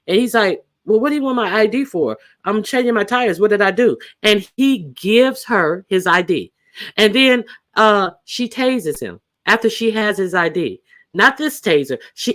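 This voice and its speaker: A woman's voice: medium pitch, fairly bright tone. A woman hosting a live stream, talking bluntly and with lots of restarts as she recounts a news story. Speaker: channel host. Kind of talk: casual live-stream commentary.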